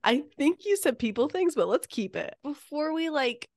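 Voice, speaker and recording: A woman's voice: high voice, very animated, darkish tone, no room sound, clean studio sound. A young woman co-hosting a podcast in casual chat, sick with a stuffy nose, playful and teasing. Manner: playful, teasing, quick to laugh. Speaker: podcast co-host.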